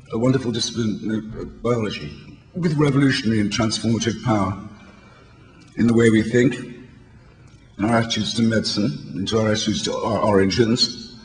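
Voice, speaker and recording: A British man in his sixties gives an eloquent, wry, polemical speech to an audience, his voice hoarse and failing. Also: medium pitch. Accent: British English. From England. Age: 60s. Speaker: speaker addressing a convention. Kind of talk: public speech. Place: large hall before an audience. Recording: reverberant hall with faint background noise.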